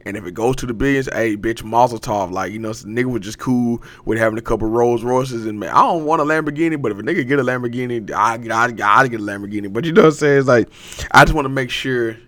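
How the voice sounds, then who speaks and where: A young man talks straight into the mic on his own podcast. His voice sits at a middle pitch. He rambles and swears, gets hyped and breaks into laughter. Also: fast, fairly bright tone. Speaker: podcast host. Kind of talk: casual motivational monologue.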